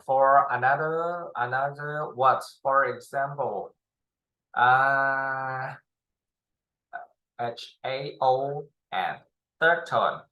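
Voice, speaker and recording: Slow, patient male language tutor. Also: mid-range voice, bright, forceful tone, rough recording. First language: Thai. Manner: slow, repetitive, demonstrates sounds with many pauses and fillers. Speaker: Chinese tutor. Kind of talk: slow spoken language lesson.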